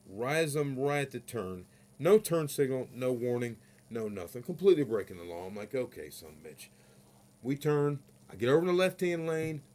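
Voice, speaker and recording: A man in the middle of a heated vlog rant, his voice neither high nor low. He rambles through his story, swears freely and keeps checking in with his listeners. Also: a little mellow. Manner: peppers talk with "you know what I mean". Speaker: vlogger.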